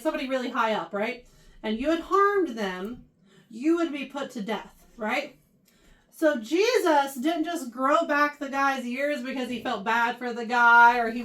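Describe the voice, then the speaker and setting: A woman teaches a youth Bible class in a church, her voice pitched high and set a little back from the microphone. She reads scripture aloud, then retells it in plain everyday words. She keeps checking in with the teens through quick questions. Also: a bit bright. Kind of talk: casual Bible lesson to teens. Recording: voice picked up from a distance.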